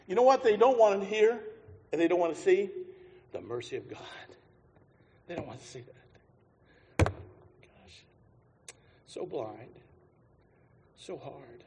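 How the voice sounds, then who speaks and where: A man preaching a sermon, moving from quiet musing to loud, shouted passages, and singing a hymn line along the way. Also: on the high side, expressive, normal speed, long pauses. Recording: long hall reverb.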